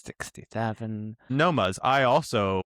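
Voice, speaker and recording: A man's voice: fairly low pitch, a little slow, fairly bright tone, dry recording, clean studio sound. A man co-hosting a podcast in casual chat, joking and rambling, often laughing. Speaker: podcast co-host.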